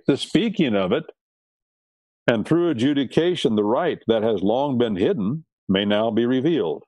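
Man, preacher, emphatic sermon delivery, lively swooping pitch, dry close sound. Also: dry recording. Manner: emphatic, repeats key words. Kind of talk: sermon on law and scripture.

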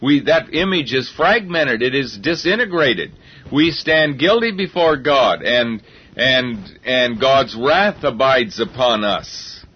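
A man's voice: medium pitch, lively intonation, takes it slowly, husky. A man preaching a sermon in an earnest, reasoning way, often repeating words as he builds his point. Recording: dull lo-fi recording.

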